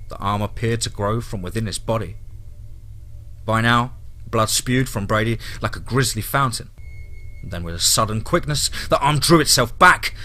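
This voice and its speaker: A man's voice: medium pitch, sharp tone. A man telling a horror story aloud in a dramatic, tense narration style.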